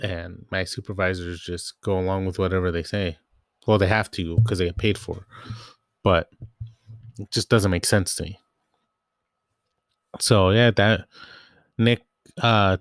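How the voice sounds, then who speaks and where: A young man tells a long, rambling story from his store job, slipping into his coworkers' voices as he goes. His voice sits a little low, and the sound is dry and close with no room echo. He leans on "like" and loose asides. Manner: rambling, quotes coworkers, frequent "like". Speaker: grocery store worker. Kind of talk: casual storytelling rant.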